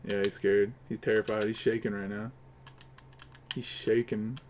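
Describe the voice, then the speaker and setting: A man's voice: fairly low pitch, little pitch movement, a little slow, darkish tone, slight background noise. A man live-streaming while gaming, chattering in a rambling, crude, joking way to his viewers.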